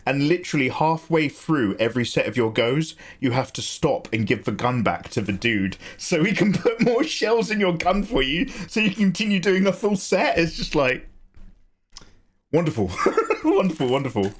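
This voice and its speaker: Lively English man chatting on stream. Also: a little high, normal speed, few pauses. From England. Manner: chatty, animated, swears and laughs easily. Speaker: livestream host. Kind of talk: casual livestream chat.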